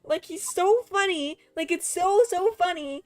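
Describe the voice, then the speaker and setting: A woman's voice: very high-pitched, unhurried. A young woman streaming and chatting casually with friends, talking animatedly, swearing freely and laughing often.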